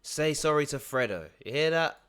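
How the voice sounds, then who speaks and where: A man's voice: a little high, expressive, moderate pace, background noise. A young man giving casual reaction commentary, full of slang, tacking bro onto nearly every sentence.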